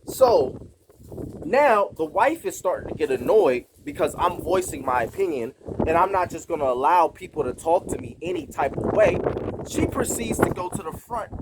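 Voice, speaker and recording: A man's voice: sits high, heavy background noise. An American man vlogging, retelling a personal run-in in an emphatic, indignant way. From United States. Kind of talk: casual storytelling to camera.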